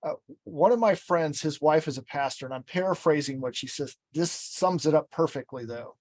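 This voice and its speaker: A man who is a speaking coach, talking as a podcast guest in an even, measured coaching tone. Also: fairly high pitch. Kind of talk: podcast interview.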